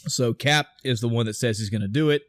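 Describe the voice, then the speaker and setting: A man co-hosting a podcast, excitedly retelling a film scene by scene, swearing and acting out the dialogue. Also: mid-range voice, fast. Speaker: podcast co-host. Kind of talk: casual film discussion.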